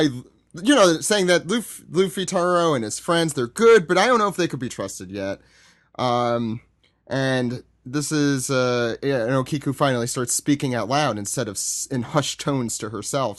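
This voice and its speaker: A man's voice: mid-range voice, dry recording. A man co-hosting a podcast, chatting casually and joking while loosely recapping a manga chapter. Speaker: podcast co-host.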